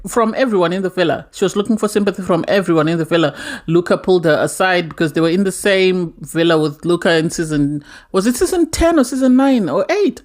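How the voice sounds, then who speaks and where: A woman hosting her own reality TV recap vlog, blunt and indignant, repeating her points for emphasis. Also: mid-range voice. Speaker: reality TV reviewer, channel host. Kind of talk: opinionated casual recap vlog.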